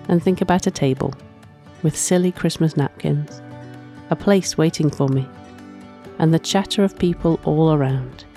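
A woman reads a first-person story aloud in a soft, reflective way, often sighing between lines. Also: sits low. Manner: soft, reflective, with frequent sighs. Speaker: narrator.

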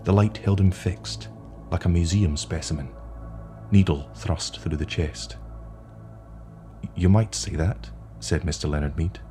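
Male narrator, deep and dark-toned, measured storytelling. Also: faint music behind. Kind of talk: short story reading.

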